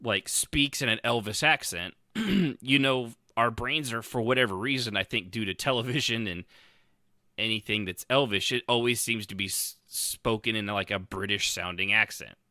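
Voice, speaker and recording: A man's voice: fairly low pitch, moderate pace, bright, forceful tone, no room sound, studio quality. A man co-hosting a podcast, chatting casually and rambling with many restarts. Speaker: podcast co-host. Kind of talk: casual chat about roleplay.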